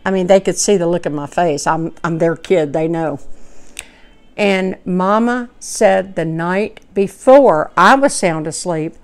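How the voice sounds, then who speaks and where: Smooth-voiced woman telling a story. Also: on the low side, a little slow. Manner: heartfelt, rambling, folksy. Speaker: vlogger. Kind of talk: personal storytelling to camera.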